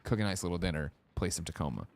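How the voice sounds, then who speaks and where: A man hosting a casual gaming news podcast, joking and plugging the show. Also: low-pitched. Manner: fast, jokey, animated plugs. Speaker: podcast host.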